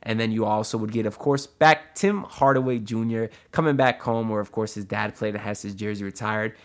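A man's voice: on the low side, brisk. A man hosting his own audio sports podcast, talking loosely and chattily with lots of asides and "uh"s. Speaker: solo sports podcast host. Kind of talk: casual podcast commentary. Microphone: audio-only podcast mic.

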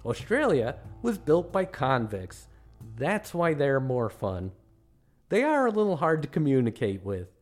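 Middle-aged American male host with a dry, self-mocking comic storytelling delivery and an animated pitch. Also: a little slow, soft background music. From United States. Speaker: podcast host.

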